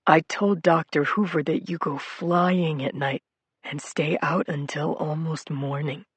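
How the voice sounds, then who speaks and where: A narrator voicing a frightened middle-aged male ward patient who squeals and cries in a high voice. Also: steady tone, measured pace, slightly rough, no room sound. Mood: confiding.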